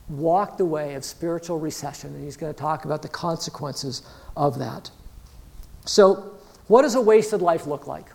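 A pastor with a slightly high, gravelly, somewhat mellow voice preaches a sermon in an earnest, conversational way. He acts out the voices of imagined believers and says "you know" often.

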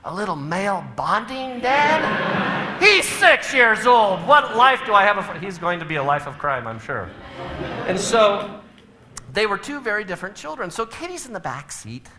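A man's voice: high-pitched, sing-song, moderate pace, sharp tone. A middle-aged man speaking to a live audience, telling humorous family stories and acting out the scenes with big swings in his voice.

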